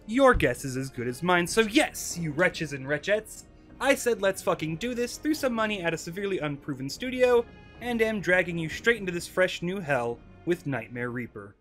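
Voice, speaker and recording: A man's voice: high voice, big pitch swings, normal speed, a bit bright, soft background music. Sardonic, theatrical male game reviewer. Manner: sardonic, theatrical, mock-grandiose asides. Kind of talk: comedic game review narration.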